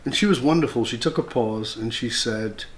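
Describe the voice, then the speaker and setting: A man's voice: mid-range voice, moderate pace. A man as an interview guest and leadership mentor, telling a personal story in a candid, reflective and earnest way, with blunt swearing now and then. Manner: often acts out his own past words.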